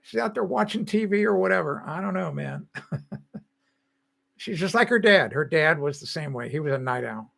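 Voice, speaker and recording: A man's voice: on the high side, lively intonation, normal speed, creaky, sharp tone. An older man hosting a live stream, chatting casually with viewers in a rambling way and laughing often.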